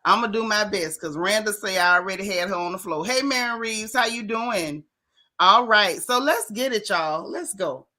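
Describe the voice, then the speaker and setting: Bright-voiced woman hosting a chatty livestream. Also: mid-range voice, normal speed. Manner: chatty, greets chat viewers by name; playful, animated, Southern-leaning slang. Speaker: livestream host. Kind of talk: casual live chat.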